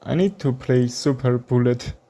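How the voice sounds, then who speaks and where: This is a man from Armenia streaming chess, his live commentary delivered in halting English with an Armenian accent and lots of fillers. He has a medium-pitched, dark-toned voice.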